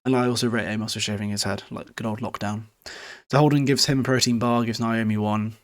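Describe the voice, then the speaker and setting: Aussie guy rambling through a book recap, kinda low voice, swears a bit, jokes at himself. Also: fairly even intonation, fast talker. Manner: chatty, self-deprecating, swears freely. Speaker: podcast host recapping a novel. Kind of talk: casual chapter recap with quoted lines.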